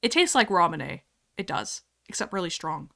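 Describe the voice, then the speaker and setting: A woman's voice: lowish voice, big pitch swings, moderate pace, creaky, bright, forceful tone. A young woman streaming from home, chatting casually and reading chat aloud, giggling often.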